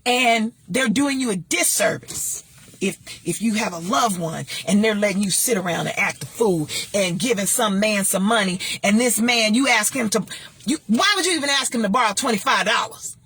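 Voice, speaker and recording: Gravelly, very husky woman giving blunt advice. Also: medium pitch, normal speed, fairly bright tone, no echo. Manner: emphatic, blunt, preachy. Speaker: talk show host and former radio DJ. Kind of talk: casual advice monologue with personal story.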